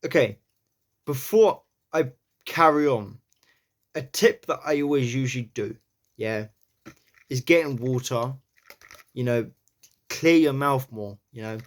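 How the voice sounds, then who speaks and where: A man's voice: mid-range voice, measured pace, pauses often. Rambling man talking through accent practice. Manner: thinks aloud, fills with "you know". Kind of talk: casual accent practice talk.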